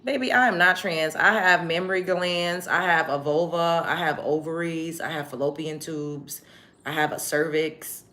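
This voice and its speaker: A woman's voice: deep voice, fairly even intonation, normal speed, pushed and bright. A young woman hosting a livestream, reading chat comments aloud and answering commenters in a blunt, profane, combative way. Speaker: livestream host.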